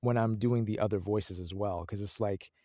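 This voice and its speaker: A male audiobook narrator chatting casually in an interview, animated and laughing often as he acts out his own thoughts. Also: on the low side, normal speed, dry recording, studio quality.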